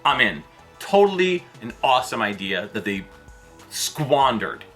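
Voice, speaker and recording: Bright-voiced man ranting. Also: very animated, unhurried, soft background music. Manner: exasperated, with sudden jumps up in pitch; loose, with fillers and restarts. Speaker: video host. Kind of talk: ranting commentary vlog.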